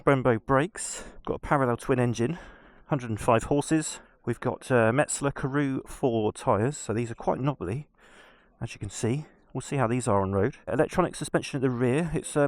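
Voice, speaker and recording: A man with an English accent riding a motorbike and chatting to camera in a relaxed, self-deprecating way. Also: medium pitch, no echo, studio quality. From England. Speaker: motorcycle vlogger. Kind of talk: casual vlog commentary. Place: outdoors, on a motorbike on country roads. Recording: noisy outdoor motorbike recording.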